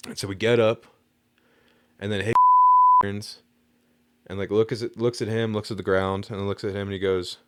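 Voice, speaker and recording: A man's voice: fairly low pitch, huge pitch swings, normal speed, long pauses, sharp tone. A young man telling a story in a laid-back, rambling way, with lots of fillers and casual swearing. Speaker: podcast storyteller.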